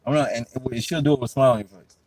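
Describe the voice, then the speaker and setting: A young man and podcast host telling stories in a casual chat, profane and animated, often breaking into laughter. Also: mid-range voice, very fast, low-quality recording.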